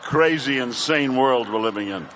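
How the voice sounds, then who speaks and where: An older male comedian doing stand-up, telling brash rapid-fire jokes. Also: mid-range voice, fairly bright tone, a little hiss or hum.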